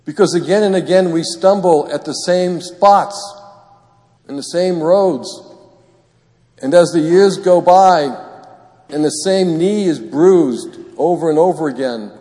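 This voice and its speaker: Priest, homily, slow and deliberate, long church reverb. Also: male voice, a little high, mellow. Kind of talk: gospel reading and homily.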